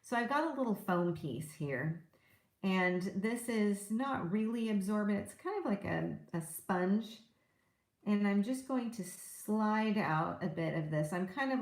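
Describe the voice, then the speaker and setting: Chatty woman demonstrating crafts, echoey room. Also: mid-range voice. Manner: chatty, explains while working, small hesitations. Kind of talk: live craft tutorial.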